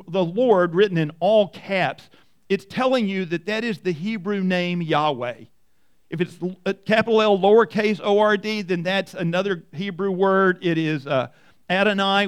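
A man preaching a sermon as pastor, conversational, restarting and repeating words, brisk but slowing down for emphasis. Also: high voice, smooth.

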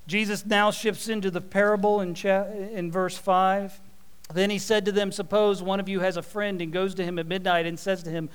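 A man preaching a sermon, telling a parable with folksy, animated asides. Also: sits high, normal speed, clear, resonant tone.

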